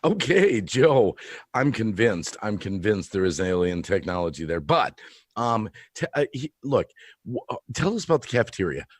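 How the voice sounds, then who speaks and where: A man's voice: fairly low pitch, big pitch swings, breathy edge, no room sound. Man streamer, mock interviewer, earnest and rambling, dry close sound. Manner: rambling, halting, asks absurd questions earnestly. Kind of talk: improvised comedy interview.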